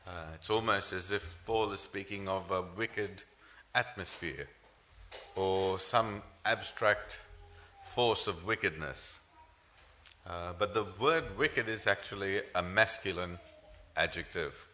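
A man's voice: low-pitched, measured pace, bright, forceful tone, a little hiss or hum. A man preaching a sermon as pastor, earnest, with rhetorical questions and frequent "uh" fillers.

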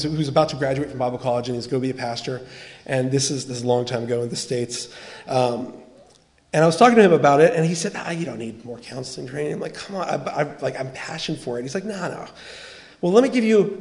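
A man preaching a sermon as pastor, earnest and animated, acting out quoted dialogue as he tells a story. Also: fairly high pitch.

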